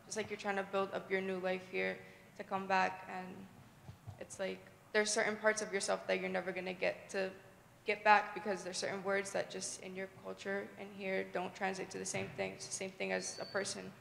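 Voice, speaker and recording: A woman's voice: mid-range voice, monotone, fairly quick, creaky, fairly bright tone. A woman taking part in a book club discussion who talks in long rambling sentences full of "like.". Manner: rambling, leans on "like". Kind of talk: casual group discussion. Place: indoor event hall. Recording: echoey hall with faint background noise.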